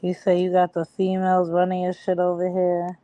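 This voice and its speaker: A man's voice: high-pitched, completely flat delivery, normal speed, mellow, clear, resonant tone, no echo, lo-fi sound. Blunt joking man on a panel. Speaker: podcast panelist. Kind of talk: casual banter.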